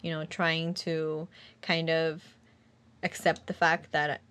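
A young woman with a slightly low voice tells a personal story in casual conversation. She rambles with many fillers and acts out what others said to her. Her tone stays somber and reflective. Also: little pitch movement, slow, fairly bright tone. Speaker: guest sharing a personal story. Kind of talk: casual chat.

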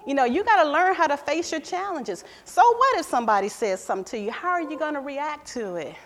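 A middle-aged woman preaching a sermon and telling a personal story, swinging between loud emphatic bursts and hushed, quiet passages. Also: sits high, expressive, brisk. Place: church hall. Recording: long hall reverb in a church.

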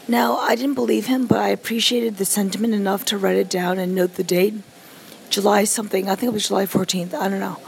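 A woman's voice: medium pitch, fairly even intonation, a little fast, creaky, a little hiss or hum, low-quality recording. A woman who survived a stroke, casually telling a personal story with many asides and fillers.

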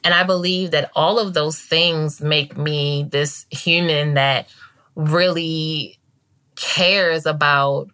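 Low-voiced bright woman telling stories. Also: steady tone, slow, smooth. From Baltimore. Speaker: interview guest, journalist. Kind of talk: conversational interview.

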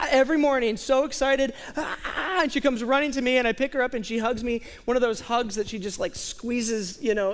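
A young male pastor preaching a sermon, moving between quiet, slow emphasis and excited storytelling. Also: high voice. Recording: long reverb of a large hall.

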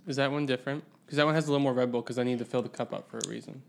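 A man's voice: medium pitch, steady tone, very fast, gravelly. A young man hosting a podcast in casual chat, rambling and laughing easily. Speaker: podcast host.

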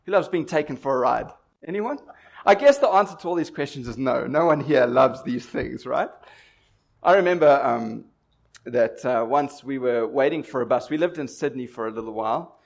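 Conversational preacher. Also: male voice, mid-range voice, animated, moderate pace, gravelly. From Durban, South Africa. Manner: conversational storytelling with rhetorical questions. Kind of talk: sermon.

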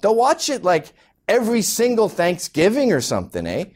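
A man's voice: high voice, wildly swooping pitch, normal speed, darkish tone. A Canadian man doing an exasperated, mocking stand-up rant. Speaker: comedian.

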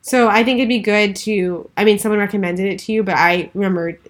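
A young woman chatting casually with friends and quickly retelling a story, with playful quotes. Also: medium pitch, fairly even intonation. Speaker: friend giving dating advice. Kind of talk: casual chat.

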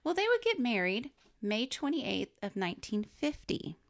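A woman's voice: fairly high pitch, sing-song, normal speed, creaky. A woman co-hosting a casual podcast, reading from her research notes in a chatty way, explaining as she goes and laughing often. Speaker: podcast co-host.

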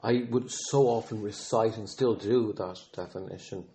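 A man with a fairly low, dark and mellow voice speaks in an earnest, reflective podcast monologue. He talks haltingly, often restarting sentences and filling pauses as he works through his thoughts. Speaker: podcast host, father of an autistic son.

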